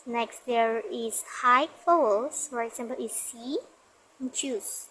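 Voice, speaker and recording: A young woman giving a class presentation, reading from notes and repeating example words slowly. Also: a little high, fairly bright tone, slightly rough, rough recording. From Indonesia. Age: young adult. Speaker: university student.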